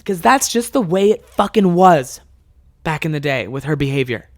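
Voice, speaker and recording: Young guy doing a solo comedy podcast, animated storytelling, cusses a lot, dry close mic. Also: a little high, moderate pace, no room sound. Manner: animated, swearing, laughing at own stories.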